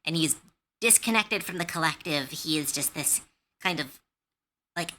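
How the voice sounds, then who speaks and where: A woman's voice: sits low, normal speed, a little hiss or hum. A woman streamer casually chatting on a live stream, telling rambling game-master stories with lots of fillers. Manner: rambling storytelling, animated, many fillers.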